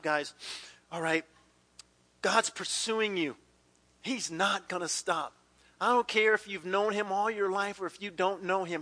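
A man preaching a sermon, telling a personal story with lively acted-out quotes and dropping to hushed, intense passages. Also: high voice. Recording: long hall reverb.

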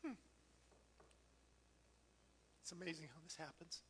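A man in his fifties, a pastor giving an emotional, halting sermon, often repeating words and laughing through tears. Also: a little high, a bit bright, in a large hall, slight background noise. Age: 50s. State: tearful.

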